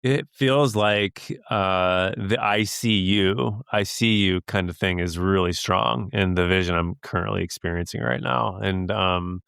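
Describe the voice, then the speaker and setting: A man's voice: low voice, a little slow, creaky, hardly any pauses, a bit bright, clean tone, no room sound, clean studio sound. A man hosting a podcast interview, talking in a hesitant, searching way and often laughing as he opens up emotionally. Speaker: podcast host. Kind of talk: casual interview.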